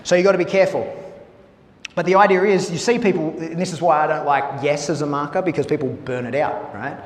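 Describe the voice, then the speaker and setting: A man's voice: fairly high pitch, fairly even intonation, quick pace, a little hiss or hum. A man teaching dog training in a blunt, casual way. He swears freely and keeps checking in with "right?". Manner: blunt, profane, peppered with "right?". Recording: echoey room with long reverb.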